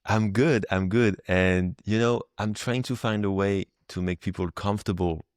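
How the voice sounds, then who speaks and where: A man's voice: on the low side, steady tone, normal speed, clear, resonant tone, dry recording, studio quality. A French man hosting a podcast interview, chatting casually in English with a French accent and many fillers. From France. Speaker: podcast host. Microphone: video call.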